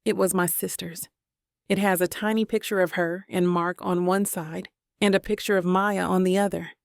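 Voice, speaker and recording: Gravelly, even-toned woman narrating. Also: lowish voice, normal speed, no echo, clean studio sound. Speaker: audiobook narrator. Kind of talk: first-person romance audiobook narration.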